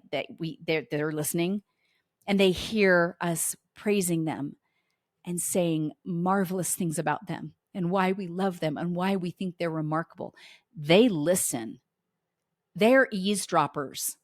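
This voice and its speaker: A middle-aged woman with a fairly low voice, recorded close and dry. She talks casually to her listeners as a podcast host. She tells family anecdotes in a chatty way and slips into the voices of the people in them. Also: dry recording. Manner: chatty storyteller who acts out family dialogue.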